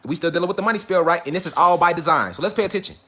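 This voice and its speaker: A man's voice: high-pitched, very fast, bright, forceful tone. A man giving a casual livestream lecture, talking straight to his viewers. He swears often, asks them questions, and keeps stressing his points with "facts" and "all right?". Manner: profane, emphatic, repeats "facts" and "all right". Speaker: online lecture host.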